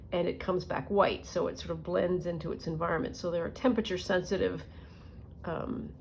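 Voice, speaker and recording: A middle-aged woman with a lowish, gravelly voice works on a junk journal in a casual crafting vlog, with slight background noise. She tells rambling stories and mutters to herself as she goes.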